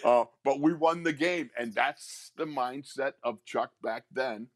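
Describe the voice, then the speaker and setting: Unhurried and animated, this older sports radio co-host, once a player himself, tells a long story punctuated by bursts of laughter. His voice is mid-pitched, recorded dry and close on a studio mic.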